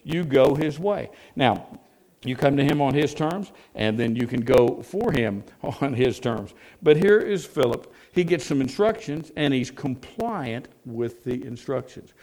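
A man's voice: mid-range voice, lively intonation, a little slow, darkish tone, rough recording. A man preaching a sermon as a pastor, folksy and plain-spoken, often asking his listeners rhetorical questions.

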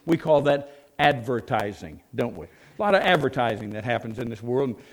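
A man's voice: mid-range voice, animated, normal speed, poor audio. A man preaching a sermon as a pastor, folksy and plain-spoken, often asking his listeners rhetorical questions.

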